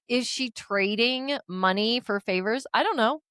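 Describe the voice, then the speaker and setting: A woman's voice: fairly high pitch, unhurried, sharp tone, clean tone, no echo. A woman co-hosting a podcast, telling a story in casual chat, acting out the dialogue, swearing and laughing often. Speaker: podcast co-host.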